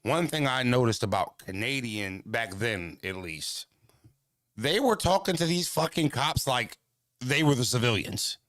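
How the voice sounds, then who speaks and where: Swearing a lot and laughing as he acts out others' voices, an American man from Pennsylvania tells a story in casual talk. His mid-range voice is a bit bright with lively intonation and a slightly slow pace, captured cleanly in a studio with no room sound.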